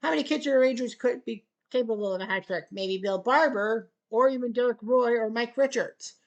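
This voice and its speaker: A woman giving play-by-play commentary on a table hockey game, with excited goal calls and sarcastic asides to the viewers. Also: a little high, fairly quick, lo-fi sound.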